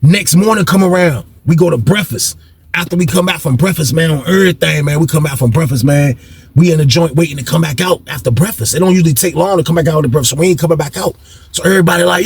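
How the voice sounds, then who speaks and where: A young man with a gravelly, husky voice tells a story from his own life. He talks in loose, slangy bursts and acts out the people he quotes, his voice riding a little high for a man. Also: rapid-fire, no room sound. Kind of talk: casual storytelling.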